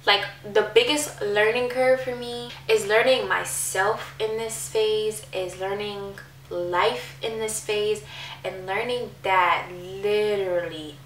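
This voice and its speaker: A bright-voiced woman in her twenties opens up in a confessional vlog, full of "like" and "um", her emotion close to the surface. She sounds a little distant from the mic in a roomy, echoing space. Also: medium pitch, slight background noise. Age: 20s. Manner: emotional, confessional, many fillers. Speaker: vlogger. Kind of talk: candid personal vlog.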